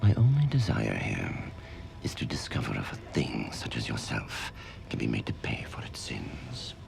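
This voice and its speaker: An actor playing a grim, vengeful male vampire hunter in a show clip, with a gravelly voice, heard with music behind. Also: huge pitch swings, moderate pace, in a whisper, full character voice. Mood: menacing. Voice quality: gravelly, low and sweeping. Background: background music.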